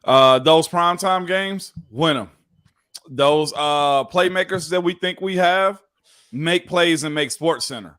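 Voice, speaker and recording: A man hosting a casual sports talk show, laid-back and drawn-out, often calling his co-host "man". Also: fairly high pitch, a bit bright, smooth. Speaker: host, former football player. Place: Tennessee.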